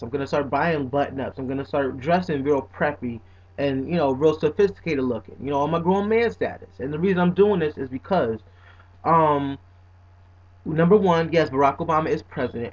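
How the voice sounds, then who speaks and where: Young guy doing a chatty vlog, kinda high voice, muffled lo-fi sound. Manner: playful and animated, then earnest, with frequent "you know what I'm saying". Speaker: vlogger. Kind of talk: casual talk to camera. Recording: dull lo-fi recording.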